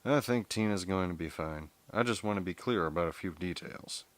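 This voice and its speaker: A man voicing a soft-spoken male field biologist with a Southern US accent, explaining things in a reassuring, knowledgeable way. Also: sits low, a little fast, no room sound, natural voice. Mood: assured.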